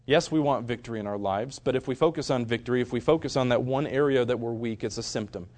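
A young man preaching a sermon in an earnest way, swinging from loud emphasis to soft, hushed storytelling. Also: mid-range voice, quick pace.

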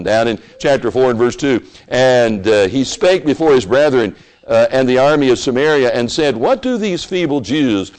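A man preaching a sermon in an animated way, rising into emphatic bursts and often restarting his phrases. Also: mid-range voice, moderate pace.

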